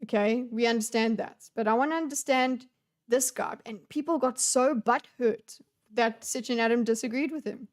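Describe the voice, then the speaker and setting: A young adult woman talks over a video she is watching. Her voice sits a little on the high side. She is blunt and exasperated, and she swears freely as she reacts. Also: moderate pace. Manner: blunt, profane, exasperated ranting. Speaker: streamer reacting to a debate video. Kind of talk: casual reaction commentary.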